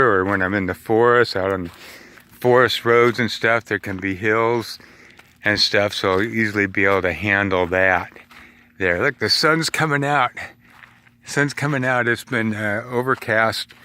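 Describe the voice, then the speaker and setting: A man casually showing his van-life gear outdoors by a river, rambling and relaxed with lots of fillers and restarts. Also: on the low side, measured pace, smooth. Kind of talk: casual vlog walkthrough.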